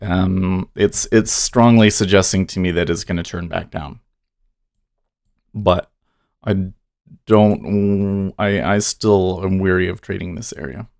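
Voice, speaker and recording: Deep-voiced man rambling on a trading stream. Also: fairly even intonation, slow, vocal fry, a little mellow, dry recording, clean studio sound. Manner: rambling, self-deprecating, reads chat aloud. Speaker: day trading livestream host. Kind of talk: casual live-stream chat.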